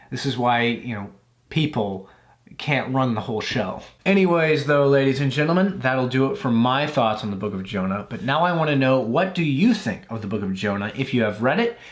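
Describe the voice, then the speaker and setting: Chatty man retelling a scripture story. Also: mid-range voice. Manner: conversational, many fillers like "you know" and "uh". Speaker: YouTube host reviewing Bible books. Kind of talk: casual video commentary after reading scripture aloud.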